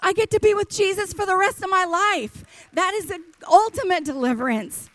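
Impassioned woman preacher, high and dry. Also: moderate pace, a bit bright, no room sound. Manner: impassioned, emphatic preaching with repetition. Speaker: pastor. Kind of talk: sermon. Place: church.

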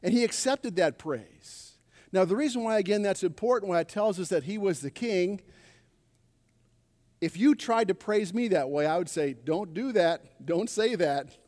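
A pastor preaches a sermon in a church sanctuary, calling out to his congregation for responses. His high voice is animated and a little mellow at normal speed, with the long reverb of a church hall.

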